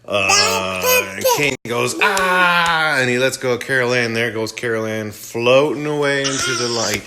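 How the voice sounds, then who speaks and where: A man casually recapping a film play by play, animated, slipping into mock voices for the characters. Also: medium pitch, normal speed, heavy background noise. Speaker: movie reviewer.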